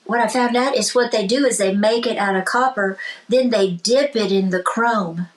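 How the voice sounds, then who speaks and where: A woman's voice: medium pitch, moderate pace, low-quality recording. A woman country singer-songwriter, a guest in a casual interview, tells stories with animation and acts out the voices of people in them. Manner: speaks of faith and blessings.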